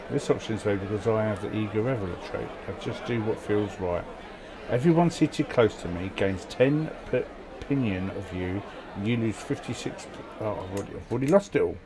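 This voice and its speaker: A man's voice: fairly low pitch, normal speed, crowd noise. A man casually commentating a strategy game, sleepy and yawning, reading event text aloud with wry muttered asides. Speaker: gameplay commentator.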